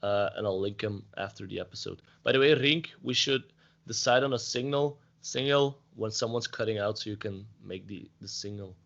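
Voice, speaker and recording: A man's voice: lowish voice, normal speed, gravelly, a bit bright, dull audio. A man co-hosting a podcast in a laid-back, joking chat over an online call. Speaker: podcast co-host. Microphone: mounted desk microphone.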